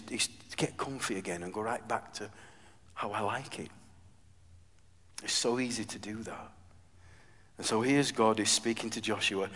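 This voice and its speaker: A man preaching a sermon, moving between loud emphatic bursts and quiet, earnest asides. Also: fairly low pitch, in a large hall.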